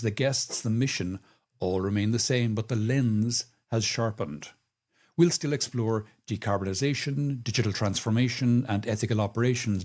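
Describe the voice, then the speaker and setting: A middle-aged man hosting a podcast, reading a smooth scripted intro and then asking questions. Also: mid-range voice, darkish tone. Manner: measured, polished delivery. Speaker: podcast host.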